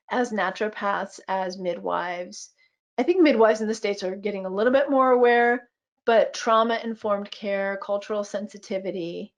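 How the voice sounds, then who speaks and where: A woman in her fifties, a physician and midwife, speaking on a webinar video call in a reflective, storytelling way with frequent fillers. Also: medium pitch. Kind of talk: webinar conversation.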